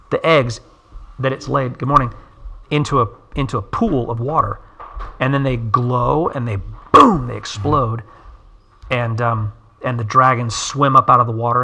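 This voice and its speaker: A middle-aged man, an animation director, telling a story in an interview and acting out the characters' lines with sudden pitch jumps. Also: pushed and bright.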